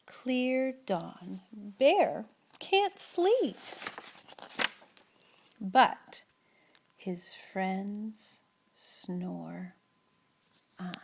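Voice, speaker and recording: A woman reading a children's story aloud, expressive and often dropping into whispers. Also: sits high. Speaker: storybook reader.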